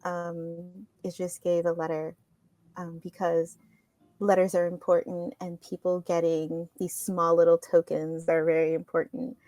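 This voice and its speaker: A woman's voice: lowish voice, level tone, a little slow, mellow, dry recording, natural voice. A woman voicing a sweet, sentimental young female wanderer who talks in an earnest, gushing way.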